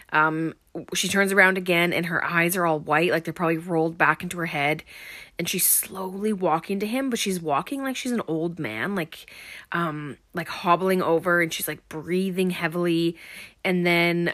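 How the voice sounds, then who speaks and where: Chatty woman recapping a movie, loose and rambling, slightly low pitch, dry booth-like sound. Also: fairly bright tone, dry recording. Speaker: film recapper. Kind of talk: casual film recap.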